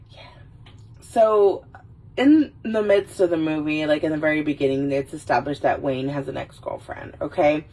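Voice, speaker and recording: A woman's voice: deep voice, moderate pace, warm tone. Rambling woman chatting a bit off-mic. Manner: rambling, laughing, swearing. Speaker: livestream host. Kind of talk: casual movie chat. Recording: voice a little far from the mic.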